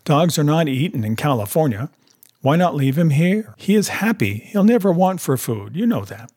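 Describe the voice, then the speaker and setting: A man reading aloud voices an earnest young wife who pleads emotionally in a raised, husky voice. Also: fairly high pitch, animated, normal speed, a little mellow, no echo, clean studio sound, voice pushed up. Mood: pleading.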